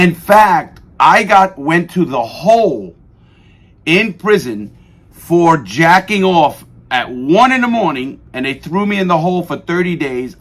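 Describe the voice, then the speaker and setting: A middle-aged man telling prison stories on a radio show, profane and animated, cursing freely. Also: a little high. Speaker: guest. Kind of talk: radio interview storytelling.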